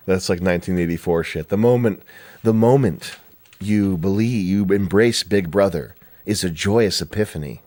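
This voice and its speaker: A man's voice: low voice, unhurried. A man hosting a podcast, chatting casually in a rambling, profane way and laughing often. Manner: mimics others in raised voice. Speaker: podcast host. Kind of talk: casual chat.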